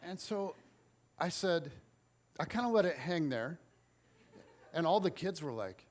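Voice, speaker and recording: A man preaching as pastor, telling lively stories about kids in an animated way, at church. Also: a little high, measured pace, slight background noise. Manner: animated storytelling. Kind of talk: sermon.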